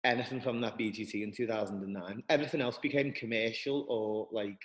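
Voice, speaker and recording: A man speaking earnestly and haltingly as a guest, often restarting his sentences. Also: lowish voice, steady tone, in a large hall, poor audio. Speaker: guest, dance school director. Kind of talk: reflective interview talk.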